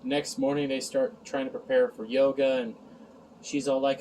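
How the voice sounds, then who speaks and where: A man's voice: medium pitch, flat delivery, moderate pace, darkish tone, distant mic, a little hiss or hum, poor audio. A man recapping an episode in a casual review, sarcastic and exasperated, sighing and mocking the lines he quotes.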